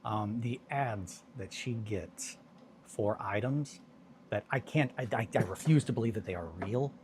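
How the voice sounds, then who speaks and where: A man's voice: fairly low pitch, a little slow, noisy background. A man chatting casually on a hobby live stream, rambling and joking while he mutters to himself over his work.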